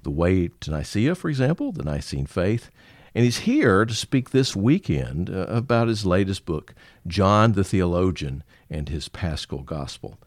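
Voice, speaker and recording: Deep-voiced, lively male podcast host. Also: no echo, clean studio sound. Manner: chatty, quick to agree and affirm. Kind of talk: podcast interview. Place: library recording room.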